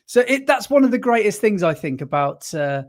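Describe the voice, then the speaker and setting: A man's voice: high-pitched, sing-song, normal speed. A man co-hosting a podcast in casual chat, rambling and stop-start, often correcting himself mid-sentence. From West Midlands, England. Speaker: podcast co-host.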